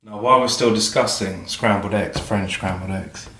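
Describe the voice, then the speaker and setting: A man's voice: lowish voice, steady tone, moderate pace, pushed and bright. Sweary man in an echoey kitchen. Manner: chatty, sweary, self-deprecating. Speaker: musician vlogger. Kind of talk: casual rambling vlog. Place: home kitchen, cooking. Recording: echoey kitchen with faint clatter.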